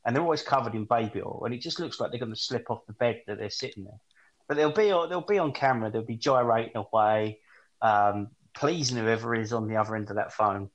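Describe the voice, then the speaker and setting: A man from England co-hosting a podcast, telling crude stories in an animated way, swearing and laughing at his own jokes. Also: medium pitch, brisk, muffled recording. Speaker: podcast co-host. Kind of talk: crude comedic casual chat.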